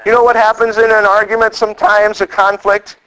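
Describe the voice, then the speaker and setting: Male pastor, middle-aged, high-pitched, animated sermon delivery with acted-out quotes. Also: brisk, poor audio. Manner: animated storytelling, acts out quoted lines.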